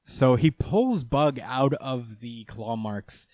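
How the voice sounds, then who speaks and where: A man's voice: mid-range voice, lively intonation, takes it slowly, darkish tone, no echo. A man co-hosting a podcast, loosely retelling an anime episode with lots of fillers. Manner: rambling, filler-heavy retelling. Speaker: podcast co-host. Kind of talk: casual anime recap chat.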